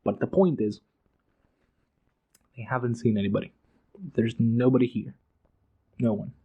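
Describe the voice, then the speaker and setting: A man's voice: mid-range voice, steady tone, a little slow, breathy edge, phone-quality sound. A man hosting a podcast, talking heatedly about a book and swearing for emphasis. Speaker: podcast host. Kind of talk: casual book discussion.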